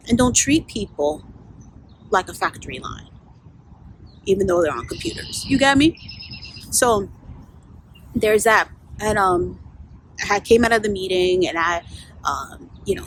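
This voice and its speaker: Woman, casual storytime vlog, outdoors, candid and profane, animated pitch, faint background noise. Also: low-quality recording. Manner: candid, profane storytelling with frequent fillers and laughs. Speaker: vlogger and life coach.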